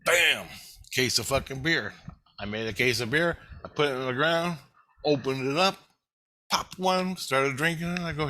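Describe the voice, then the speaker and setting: A man's voice: medium pitch, moderate pace, pushed and bright. A man ranting in a rambling, profane monologue, angry and swearing constantly. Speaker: vlogger.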